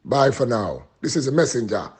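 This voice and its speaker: A man's voice: mid-range voice, big pitch swings, brisk, a little mellow, slightly rough. A Jamaican man giving a pleading, repetitive, preacher-style live appeal and prayer. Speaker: street preacher and vlogger.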